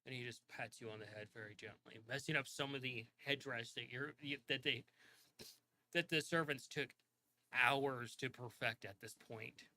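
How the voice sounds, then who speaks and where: A man's voice: mid-range voice, fairly even intonation, normal speed, sharp tone, poor audio. A man running a tabletop game as game master, narrating in a rambling way with many restarts. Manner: rambling, full of fillers and restarts.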